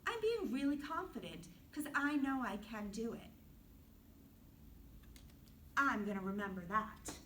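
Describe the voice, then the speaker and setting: A woman teaching a guided kids yoga class in a gentle, playful, sing-song way, softening to a hush for relaxation. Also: high-pitched, lively intonation, measured pace. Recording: distant camera mic, faint room noise.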